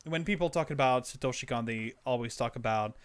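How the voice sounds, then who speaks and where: A man's voice: medium pitch, brisk, clean tone. A young man from Quebec co-hosting a casual movie podcast, rambling with many fillers and restarts. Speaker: podcast co-host. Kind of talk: casual chat.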